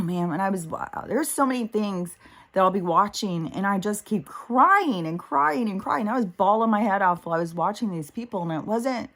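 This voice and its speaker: A middle-aged woman hosting a spiritual talk, rambling casually and emotionally, with lots of fillers and frequent swearing. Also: lowish voice. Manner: emotional, meandering, swears freely, many fillers. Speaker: spiritual podcast host.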